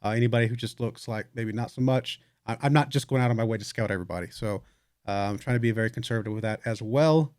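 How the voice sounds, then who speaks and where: A man's voice: mid-range voice, fast, dry recording, studio quality. A young man hosting a let's play, casually talking through his game with rambling asides, fillers and the odd yawn. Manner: relaxed, rambling, yawning, thinking aloud with fillers. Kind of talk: casual gameplay commentary.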